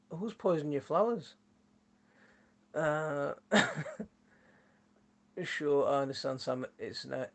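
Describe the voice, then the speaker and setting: A man with a Yorkshire accent hosting a casual gardening live stream, rambling and chatty as he answers viewer comments, laughing often on a phone mic. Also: on the high side. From Yorkshire, England. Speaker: gardening channel host.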